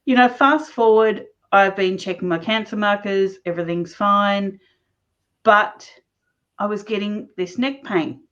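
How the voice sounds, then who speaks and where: A woman's voice: mid-range voice, unhurried. Woman telling her story, muffled sound. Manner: animated, laughs often mid-sentence. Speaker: interview guest. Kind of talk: personal storytelling in conversation. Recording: dull lo-fi recording.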